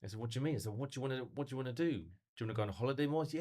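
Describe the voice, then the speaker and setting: On a relaxed podcast, this middle-aged man, a motivational speaker, races along at medium pitch. His delivery is animated and story-driven, packed with rhetorical questions.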